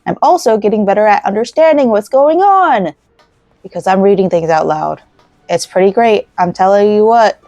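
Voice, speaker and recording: A chatty woman talks her way through a game while she crochets. She wanders off topic and giggles. Her voice sits at a middle pitch over soft game music. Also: expressive, moderate pace, dry recording, muffled recording. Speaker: let's play host. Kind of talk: casual gameplay chat while crocheting. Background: faint game music.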